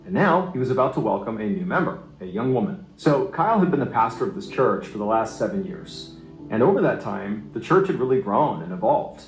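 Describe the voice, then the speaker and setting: Animated male storyteller in an echoey room. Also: fairly low pitch. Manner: animated, building suspense, casual asides. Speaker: storytelling narrator. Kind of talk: unscripted true-story narration.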